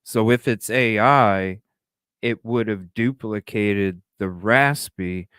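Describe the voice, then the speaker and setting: A man's voice: on the low side, fairly bright tone, clean tone, no echo, studio quality. A man calling into a livestream, talking casually and hesitantly with fillers. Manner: slow, hesitant, talks with fillers. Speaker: caller. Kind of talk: casual call-in chat.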